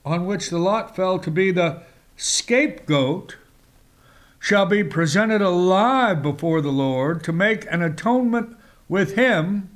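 A man preaching a sermon, speaking with emphatic rises and reading scripture passages aloud in old-fashioned wording. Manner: slow, emphatic delivery with sudden rises in pitch.

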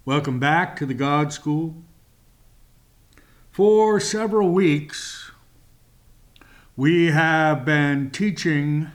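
Very slow, high-voiced male Bible teacher. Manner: measured, emphatic, with long pauses and fillers. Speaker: Bible teacher and show host.

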